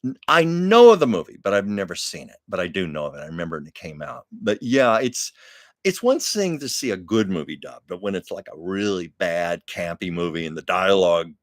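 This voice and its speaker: A man's voice: low-pitched, very animated, fairly quick, no room sound, studio quality. An older man hosting a live stream, chatting with viewers and telling stories in a casual, laughing way. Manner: chatty storytelling, laughs often. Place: Los Angeles.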